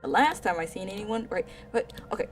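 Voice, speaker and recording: A woman's voice: mid-range voice, animated, a little fast, soft background music. A woman streamer casually retelling an anime story while playing, rambling with slang and asides. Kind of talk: casual gaming stream chat.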